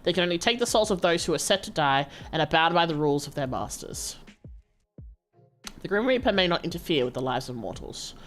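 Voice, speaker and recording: Expressive low-voiced woman narrating. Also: brisk, soft background music. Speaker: streamer. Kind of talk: reading a story game aloud.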